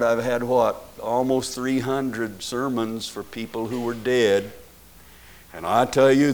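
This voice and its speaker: An older man delivers a sermon in an even, mid-pitched voice. He leans hard on key words, swelling louder and higher for emphasis, and keeps asking his listeners questions. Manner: emphatic preaching with rising, loud stresses and rhetorical questions. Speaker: pastor.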